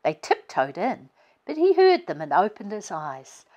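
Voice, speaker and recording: A woman author reading her family storybook aloud in a gentle, expressive way. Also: medium pitch, unhurried, highs cut off. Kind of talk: children's storybook read-aloud.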